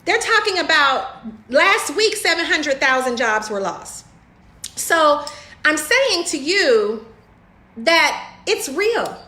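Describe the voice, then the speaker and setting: A woman's voice: high-pitched, very animated, slow pace, bright, forceful tone, roomy sound. A woman giving a motivational video talk about running a home business, emphatic and preachy, calling her viewers y'all.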